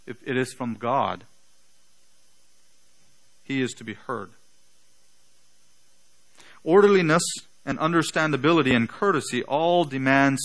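A male pastor preaching a sermon. He speaks slowly and deliberately with a slight non-native accent and poses emphatic rhetorical questions. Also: mid-range voice, fairly bright tone, low-quality recording.

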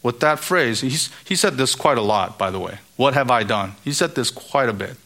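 A man's voice: mid-range voice, expressive, moderate pace, a bit bright. A man giving an expository Bible teaching, asking rhetorical questions and acting out the lines of the characters he quotes.

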